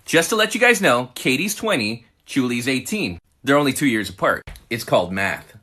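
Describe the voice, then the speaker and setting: A man in his forties, a father telling a comic story about his daughters with lively, acted-out voices. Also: mid-range voice, moderate pace. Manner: animated, acts out his kids' voices.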